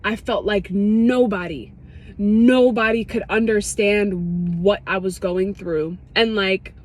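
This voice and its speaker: A woman's voice: medium pitch, fairly even intonation, takes it slowly. A young woman telling a personal story in a casual, dramatic, slangy way. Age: young adult. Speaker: vlogger sharing a testimony.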